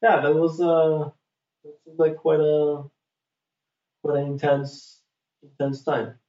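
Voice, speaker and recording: Mellow-voiced chat host, echoey. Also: mid-range voice, flat delivery, slow. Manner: supportive, brief affirmations. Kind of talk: casual chat. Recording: dull echoey recording.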